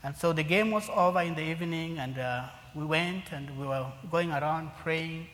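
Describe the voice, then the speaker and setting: A man preaching a sermon to a congregation, swinging from loud emphatic lines to near-whispers. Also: on the high side, normal speed. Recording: long hall reverb, faint room noise.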